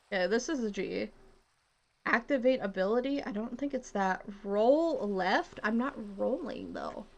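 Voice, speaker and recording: A woman's voice: on the high side, gravelly, sharp tone. A young woman with a Southern US accent chatting while streaming a game, rambling, swearing often and laughing at herself. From southern United States. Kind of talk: casual gaming stream chat.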